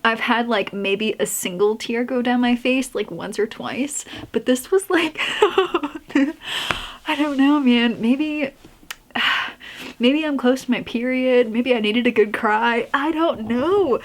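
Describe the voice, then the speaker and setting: A woman's voice: fairly high pitch, slow. A young woman book vlogger chatting casually about a book series, rambling, laughing often and filling her talk with "like". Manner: rambling, emotional, laughs often, many fillers. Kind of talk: casual reading vlog chat.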